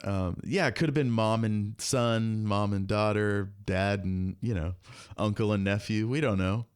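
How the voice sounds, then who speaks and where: A man's voice: on the low side, steady tone, clear, resonant tone, no room sound, studio quality. A man hosting a podcast, chatting casually and joking often. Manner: joking, chatty, quick to laugh. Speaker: podcast host. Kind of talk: casual chat.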